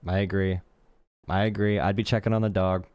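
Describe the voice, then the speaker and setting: A man's voice: sits low, little pitch movement, a little fast, a little mellow, dry recording. A man hosting a live stream, giving blunt, sarcastic commentary and repeating himself for emphasis. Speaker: streamer host.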